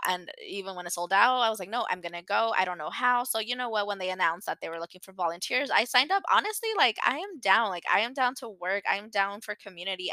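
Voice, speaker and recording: A young adult woman hosting her own podcast, chatting in an animated, rambling way. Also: mid-range voice, no echo. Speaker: podcast host. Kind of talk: casual solo podcast chat.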